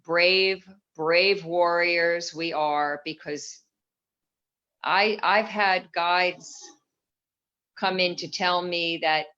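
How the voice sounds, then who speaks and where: Earnest woman, low voice, lo-fi call. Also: steady tone, bright, forceful tone. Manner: earnest, unhurried and encouraging. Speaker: guest. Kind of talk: spiritual conversation. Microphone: video call. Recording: dull lo-fi video call audio.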